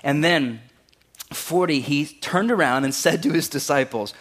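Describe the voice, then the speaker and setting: A man, preaching a conversational sermon in a wry, animated way and raising his voice to act out quotes. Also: fairly high pitch, measured pace. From California. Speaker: pastor.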